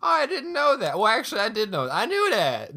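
A man's voice: sits high, huge pitch swings, fairly quick, sharp tone, voice pushed up, full character voice. A man playing an easygoing pilot who loves fishing, friendly and agreeable, in a tabletop game. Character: easygoing male pilot, fishing hobbyist with pet snake.

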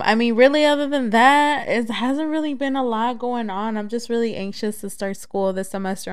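A woman's voice: medium pitch, clean tone. A young woman from the Chicago area hosting her own podcast, chatting casually and candidly, swearing freely and laughing easily. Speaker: podcast host.

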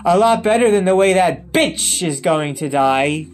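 A man voicing a smug, menacing male villain in a low, quiet tone. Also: lively intonation, measured pace, soft background music.

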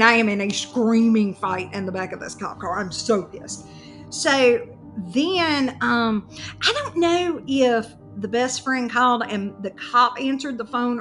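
A woman with a fairly high voice tells a story in relaxed, chatty fashion, jumping into the voices of the people involved. Faint music plays underneath. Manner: animated, acts out both sides of the story. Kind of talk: casual storytelling chat.

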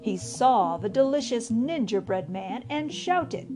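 A woman's voice: on the high side, lively intonation, unhurried, over music. Cheerful woman reading a children's story. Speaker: children's podcast host and storyteller.

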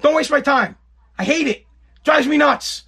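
High, bright-voiced ranting man. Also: normal speed, gravelly. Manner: ranting, profane, repeats himself. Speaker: podcast host. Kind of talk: casual rant.

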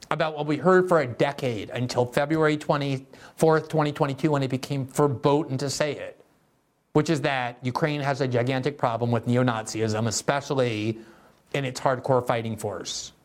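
A man hosting a political commentary show, talking in a sardonic, mocking, conversational way. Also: on the high side. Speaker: host.

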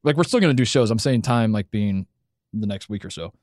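A man's voice: on the low side, animated, a little fast, darkish tone, no room sound, studio quality. A young man hosting a casual podcast, rambling with lots of restarts and stammered repeats. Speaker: podcast host.

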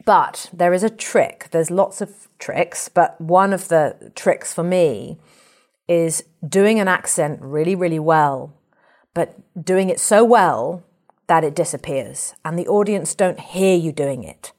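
A woman from England, speaking as an actor in an interview in a lively, colourful, animated way. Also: fairly low pitch, takes it slowly. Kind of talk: reflective conversational interview.

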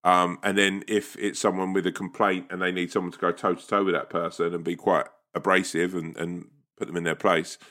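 A man in casual comedic chat, swearing freely and bursting into animated storytelling. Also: low-pitched, brisk, few pauses. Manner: swears freely, animated, puts on accents in anecdotes.

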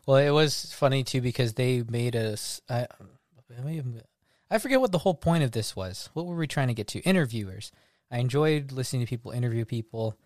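A man's voice: mid-range voice, darkish tone, no echo, studio quality. A man co-hosting a casual podcast, playful and laughing often, slipping into silly voices for his stories. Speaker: podcast co-host. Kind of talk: casual chat.

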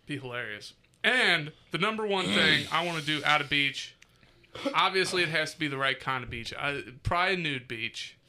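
A man co-hosts a podcast with crude, joking banter. His voice sits a bit high and sounds very bright and forceful. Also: lively intonation, normal speed. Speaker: podcast co-host. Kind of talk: casual chat.

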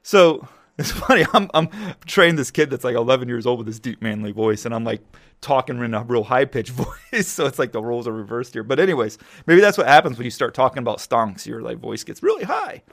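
A man hosting a casual solo podcast, telling stories in a loose, joking way, his voice jumping high when he gets excited. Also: a little fast, no room sound, clean studio sound. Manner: animated storytelling, jumps high when excited. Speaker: podcast host.

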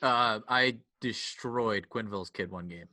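A man's voice: lowish voice, unhurried, bright, forceful tone. A young man co-hosting a podcast, chatting in a laid-back, profane way. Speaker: podcast co-host. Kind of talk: casual chat.

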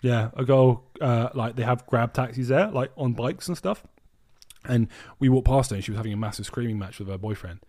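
A man tells stories on a casual podcast, animated and quick to swear. His voice sits at an ordinary middle pitch for a man. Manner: swears a lot, animated storytelling. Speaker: podcast co-host. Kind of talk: casual storytelling chat.

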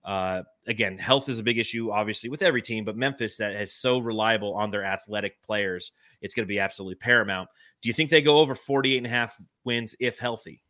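A man in his thirties co-hosts a casual sports talk show, lively and a bit profane as he riffs on teams. His voice sits low but comes across bright and forceful. The sound is dry and close. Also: quick pace, no echo. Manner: animated, swears, reads chat comments. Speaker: podcast co-host.

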